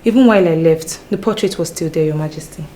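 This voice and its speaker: A woman acting as a deferential palace maiden with a low, mellow voice, answering the king with care. She sounds far from the mic over faint background noise. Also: fast, lightly acted. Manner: deferential, explaining herself. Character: nervous female palace maiden.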